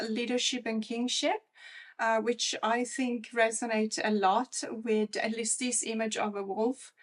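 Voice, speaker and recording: Chatty, rambling higher-voiced woman. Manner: chatty and rambling, with frequent fillers and restarts. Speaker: tarot channel host. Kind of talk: casual wishlist vlog. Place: lives in Australia.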